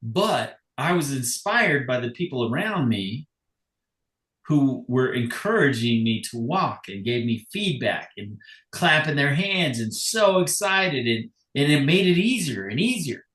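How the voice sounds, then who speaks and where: A man who is a coach, talking casually and warmly and laughing as he speaks. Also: medium pitch, sing-song, unhurried. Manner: warm, laughs while talking. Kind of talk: casual chat. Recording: roomy echo.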